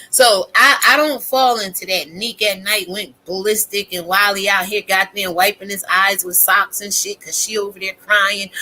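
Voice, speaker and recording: A woman giving a casual, profane, animated rant as a YouTube commentator, talking straight to her viewers. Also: medium pitch.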